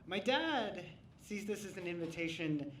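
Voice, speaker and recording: A man telling a true story on a live stage, wry and animated with comic timing. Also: high-pitched, measured pace. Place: theater stage before a live audience. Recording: roomy hall, mic at a distance, faint hum.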